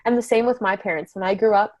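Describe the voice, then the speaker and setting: A woman speaking as a podcast guest in a relaxed, candid conversation. She laughs easily and often, and her talk is full of casual fillers and restarts. The recording is dry and close, with no room sound around her. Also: mid-range voice, quick pace, no echo. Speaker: podcast guest, business coach.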